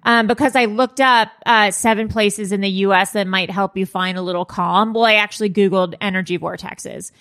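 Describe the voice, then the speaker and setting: A woman's voice: mid-range voice, steady tone, normal speed, hardly any pauses, fairly bright tone. A woman co-hosting a podcast, offhandedly sharing what she's reading in casual chat. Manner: offhand, reading things aloud. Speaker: podcast co-host.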